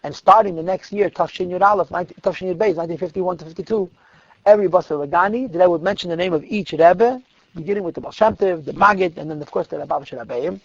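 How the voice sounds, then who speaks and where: A man, a rabbi, telling stories in a lecture, lively in the telling and dropping to quiet asides. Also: high-pitched, fast, gravelly, no room sound, highs cut off. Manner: animated retelling that drops to quiet asides. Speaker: rabbi teaching a class. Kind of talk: storytelling lecture.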